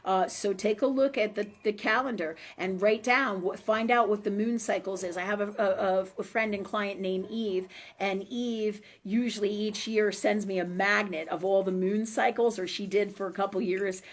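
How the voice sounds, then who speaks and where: A woman's voice: medium pitch, steady tone, normal speed, few pauses. A woman hosting a live-stream show and giving psychic readings, talking in a loose, chatty way with fillers and tag questions and the odd curse word. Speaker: host and psychic reader.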